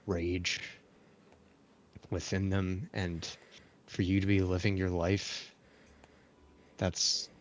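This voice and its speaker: A man voicing a vengeful young fighter who speaks earnestly and haltingly to comfort someone. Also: low voice, a little hiss or hum.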